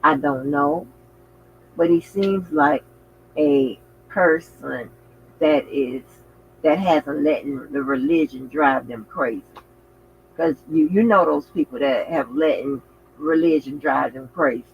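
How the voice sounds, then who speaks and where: A man hosting a casual livestream, talking in an animated, outspoken way with frequent swearing and exclamations. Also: fairly high pitch, slow, creaky, dull audio, a little hiss or hum. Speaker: channel host.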